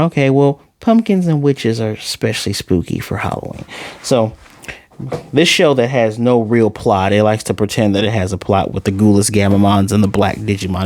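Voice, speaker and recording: Animated man recapping an anime episode. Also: fairly low pitch. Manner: animated, acts out character lines in quick snippets; dramatic and exasperated. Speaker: anime reviewer. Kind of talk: casual episode recap and review.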